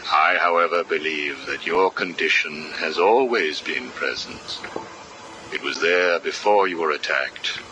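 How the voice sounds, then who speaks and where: An actor playing a calm, probing male psychiatrist villain in a video game. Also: rumbling low, unhurried, noisy background.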